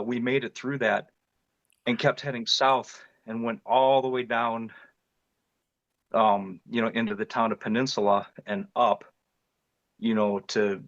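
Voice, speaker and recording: The clip is lo-fi and echo-free: a man from northeast Ohio, middle-aged, with a fairly low, slightly bright voice. As an interview guest he earnestly describes a frightening encounter in vivid detail, restarting his phrases often.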